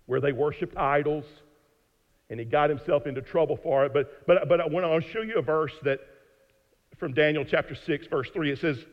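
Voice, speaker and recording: A man preaching a sermon from the pulpit, emphatic, repeating words and slowing down to stress key lines. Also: on the high side. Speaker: pastor. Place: church sanctuary. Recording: muffled long church reverb.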